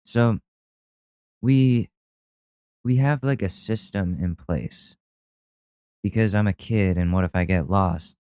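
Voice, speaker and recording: A man's voice: fairly low pitch, slow pace, pauses often, darkish tone, dry recording, studio quality. A man hosting a solo podcast at home, telling stories in a rambling, self-deprecating way with lots of fillers and restarts. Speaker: podcast host. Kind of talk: casual storytelling monologue.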